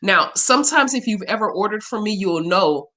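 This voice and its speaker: A woman's voice: mid-range voice, expressive, moderate pace, sharp tone. A woman hosting a casual livestream Q&A as a spiritual reader, talking in a candid, emotional and profane way.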